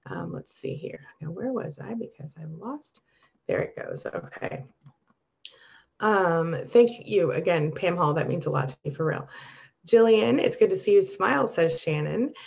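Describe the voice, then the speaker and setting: A woman coaching abuse survivors on a live stream, reading viewer comments and answering them with warm encouragement. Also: on the low side, animated, a little slow, creaky, highs cut off.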